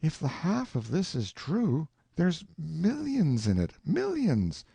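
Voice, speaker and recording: A man's voice: fairly high pitch, huge pitch swings, slow, creaky, mellow, husky, dry recording, voice pushed up, full character voice. A man voicing an earnest, eager young man who speaks plainly and trustingly.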